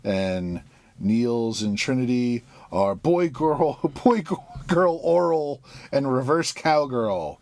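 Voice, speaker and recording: A man's voice: medium pitch, expressive, slow, a little mellow, no room sound. A man co-hosting a podcast, recapping a comic book plot in casual chat with crude jokes and frequent laughs. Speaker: podcast co-host.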